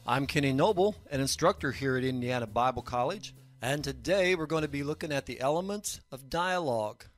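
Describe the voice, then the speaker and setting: A male college instructor gives a recorded lesson, walking through each point in a calm, measured way. His voice sits a little high for a man. The recording is dry and close, with no room sound. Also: no room sound. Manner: measured, explanatory teaching delivery.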